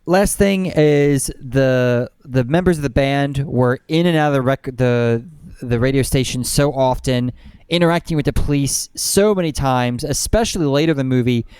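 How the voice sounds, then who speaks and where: A man's voice: medium pitch, moderate pace, a little mellow, clear, resonant tone, dry recording. A man co-hosting a casual movie podcast, talking bluntly and swearing freely when worked up. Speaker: podcast co-host. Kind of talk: casual chat.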